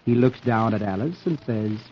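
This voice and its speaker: A man hosting an old radio show, reading comics aloud as a jolly, animated storyteller. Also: fairly low pitch, moderate pace. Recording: dull lo-fi old radio recording with music. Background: music.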